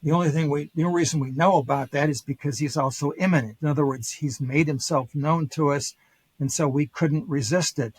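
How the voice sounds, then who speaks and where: A man's voice: a little high, fairly even intonation, brisk, husky, no echo, poor audio. An older man, a historian guest on a podcast, retelling ancient stories casually with quoted voices and many fillers and restarts. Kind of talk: casual storytelling lecture.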